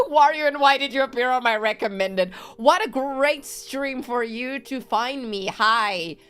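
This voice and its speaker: A woman's voice: high voice, a little slow, a bit bright, clean tone. A woman streamer chatting casually on a live stream, rambling in a giggly, playful way. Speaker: VTuber streamer.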